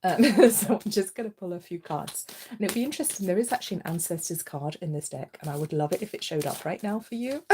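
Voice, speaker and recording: A woman reading tarot cards on a livestream, soft-spoken and giggly, her voice worn as she loses it. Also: lowish voice, a little fast, vocal fry, slight background noise. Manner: soft-spoken, giggly, often drops to a murmur. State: losing her voice. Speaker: tarot reader.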